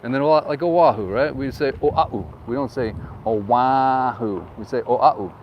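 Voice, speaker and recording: A man's voice: medium pitch, brisk. A man giving a casual, joking street tour, talking while moving outdoors into a wind-muffled mic. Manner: upbeat, joking, rambling asides. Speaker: real estate agent giving a town tour. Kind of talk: casual chatty tour commentary. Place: outdoors on a town street, riding through. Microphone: wind-muffled mic with windsock. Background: faint wind and street traffic.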